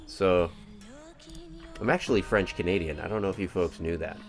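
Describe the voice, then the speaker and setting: Deep-voiced rambling male streamer. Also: normal speed, soft background music. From United States. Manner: rambling, upbeat, self-mocking. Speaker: game streamer. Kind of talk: casual live-stream chat.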